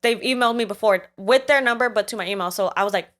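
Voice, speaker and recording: A young woman telling a story in casual chat, animated and quick, acting out quoted speech as she goes. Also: mid-range voice. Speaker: guest.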